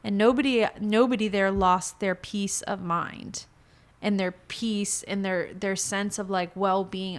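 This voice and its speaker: Brief: woman guest, frank and animated storyteller, medium voice, casual swearing. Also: mid-range voice, unhurried. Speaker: podcast guest. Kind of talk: candid conversational storytelling.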